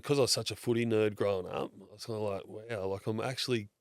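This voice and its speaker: A man's voice: lowish voice, fairly even intonation, fast talker, no echo, studio quality. An Australian man in his thirties, telling stories in a blokey, casual way, swearing freely and acting out what others said. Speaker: podcast guest. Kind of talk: casual storytelling chat.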